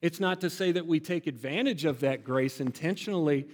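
A man's voice: on the high side, fairly quick, few pauses. Emphatic preacher man in a reverberant sanctuary. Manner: expressive, builds to loud emphatic peaks. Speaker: pastor. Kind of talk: sermon. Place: church sanctuary.

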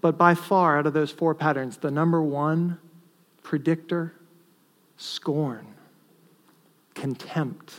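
A male pastor preaching a sermon earnestly, with emphatic stresses that drop to quiet asides. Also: fairly high pitch, steady tone, takes it slowly, long pauses.

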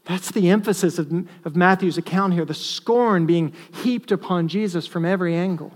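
Male pastor, high-pitched, earnest sermon delivery with emphatic stresses. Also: normal speed. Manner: earnest, rises to emphatic stresses then drops to quiet asides.

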